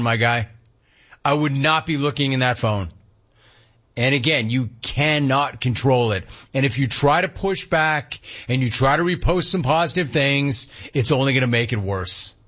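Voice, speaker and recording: A man's voice: medium pitch, normal speed, a bit bright. A man hosting a sports talk radio show, delivering a monologue with punchy, emphatic repetition. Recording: slightly muffled radio broadcast.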